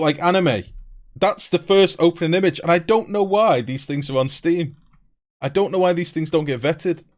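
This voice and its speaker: A young man chatting casually on a live stream, blunt and rambling, swearing freely. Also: on the high side. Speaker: game streamer.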